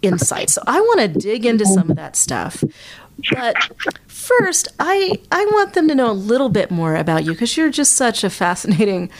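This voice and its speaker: A woman's voice: a little high, very animated, normal speed. Laughing woman hosting a chat. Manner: warm, laughs often. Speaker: host. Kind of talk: casual interview chat.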